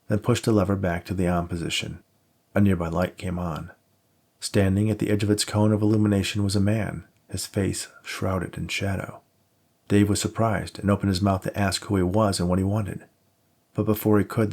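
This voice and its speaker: Gravelly low-voiced man narrating an audiobook. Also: darkish tone. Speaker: author reading his novel.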